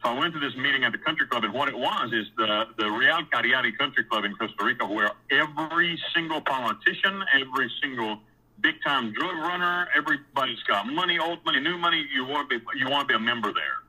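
A fast-talking man with a medium-pitched, slightly rough voice shares his story on a low-quality recording. It comes out casual and meandering, peppered with profanity, blunt phrasing, false starts and repeated words, and he gets animated describing scenes.

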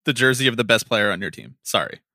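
A man co-hosting a casual sports chat, ranting in an animated way, swearing and laughing often. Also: medium pitch, fast, creaky, no echo, studio quality. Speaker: podcast co-host.

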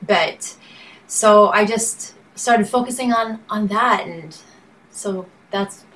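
A woman's voice: mid-range voice, slow pace, a bit bright, low-quality recording. A woman singer-songwriter and benefit auctioneer talking casually as an interview guest, rambling, restarting sentences and laughing often.

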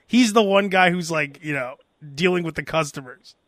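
A man hosting a podcast, telling animated comic stories in casual chat. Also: on the high side, normal speed, no room sound, clean studio sound. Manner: animated storytelling, mimics voices. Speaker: podcast host.

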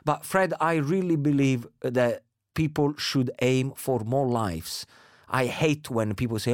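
A man hosting a casual chat, emphatic and animated, pressing his points with rhetorical questions. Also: mid-range voice, a little slow, no room sound, studio quality. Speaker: podcast host.

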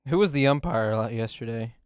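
A man's voice: mid-range voice, brisk, smooth, dry recording, clean studio sound. A man co-hosting a podcast, grumbling and swearing about umpires and his team. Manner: profane, grumbling. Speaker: podcast co-host. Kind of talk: casual banter.

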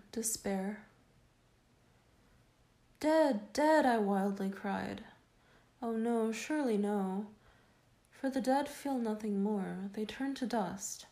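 Slow, mellow woman reading a story. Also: mid-range voice. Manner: slow, measured, solemn delivery. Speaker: reader. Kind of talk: dramatic audiobook narration.

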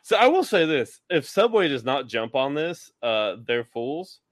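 A man's voice: medium pitch, big pitch swings, measured pace, dry recording. A man co-hosting a casual podcast chat, talking in a sarcastic, mocking way. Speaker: podcast co-host.

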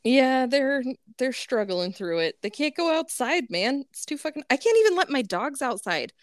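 Woman co-host, high animated voice, teasing and foul-mouthed. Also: normal speed. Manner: teasing, swears freely. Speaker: podcast co-host. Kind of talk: casual podcast banter.

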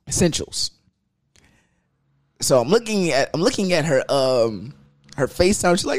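Young man, lively and loose storyteller, lots of swearing, pitch jumps around, casual vlog delivery. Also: moderate pace, pauses often. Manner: animated, loose and profane, acts out quoted voices.

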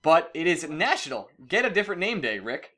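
A man in casual podcast banter, with a voice that sits a little high and swings widely in pitch. His delivery is playful and teasing, and he laughs readily. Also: big pitch swings, brisk, bright, forceful tone. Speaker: podcast co-host.

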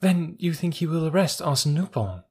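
A curious young lady, as a male reader puts her on, her voice raised and softened. She sounds eager and inquisitive in a storybook reading. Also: on the high side, lively intonation, moderate pace, breathy edge, voice pushed up.

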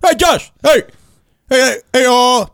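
A man putting on the voice of his pushy neighbor, who shouts over the fence and talks with puckered lips. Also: extremely high pitch, expressive, measured pace, creaky, clean tone, no echo, studio quality, pitched above the performer's own voice, full character voice. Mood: eager. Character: eager pushy middle-aged male neighbor.

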